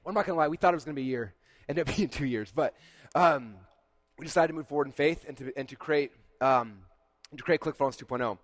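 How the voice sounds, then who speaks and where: Male keynote speaker, quick and animated storyteller with a slightly high voice and a dry sound. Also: no room sound. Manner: animated, acts out dialogue, frequent "like". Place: conference stage.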